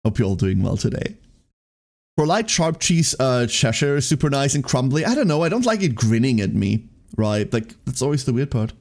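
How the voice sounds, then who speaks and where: Lively chatty male streamer. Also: medium pitch, normal speed. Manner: chatty, rambling, laughs often, reads chat aloud. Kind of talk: casual live-stream chat.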